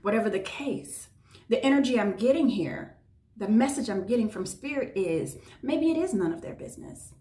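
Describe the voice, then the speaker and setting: A woman gives a tarot reading in an effusive, heartfelt monologue, often tagging her points with a quick "right?". Her voice sits a little on the high side. The sound has a roomy echo. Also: lively intonation, mellow. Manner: effusive, emotive, frequent "right?" asides. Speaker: tarot reader. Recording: echoey room.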